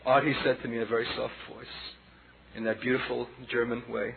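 A man in his forties preaching a personal testimony sermon, impassioned and dramatic, swinging between hushed passages and loud outbursts. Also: mid-range voice, fairly even intonation, fairly quick, gravelly. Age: 40s. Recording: tinny lo-fi sermon tape with audience noise.

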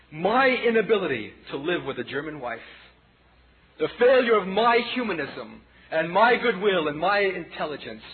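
Impassioned man preaching on tinny tape. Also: fairly high pitch. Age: 40s. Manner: impassioned and dramatic, swinging between hushed and loud. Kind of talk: personal testimony sermon. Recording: tinny lo-fi sermon tape with audience noise.

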